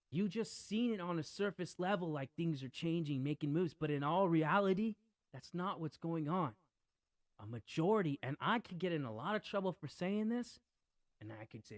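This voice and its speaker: Rambling, emphatic man, fairly high voice. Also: expressive, moderate pace, no echo. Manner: rambling, emphatic, repeats "literally". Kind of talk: casual podcast talk.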